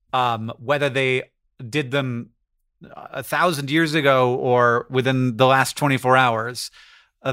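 Bright, dry-sounding guy cohost, playful and rambly. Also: mid-range voice, dry recording. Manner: musing, playful, with fillers. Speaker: podcast co-host. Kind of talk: casual chat.

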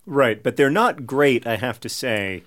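A man co-hosting a podcast, chatting casually with wry, deadpan jokes. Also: medium pitch, a little slow. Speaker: podcast co-host. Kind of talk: casual chat.

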